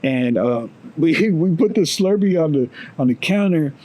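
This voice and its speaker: An American man co-hosting a podcast, telling a story in a relaxed, profane way, chuckling as he goes. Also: a little high, measured pace, low-quality recording. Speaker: podcast co-host. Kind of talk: casual storytelling chat.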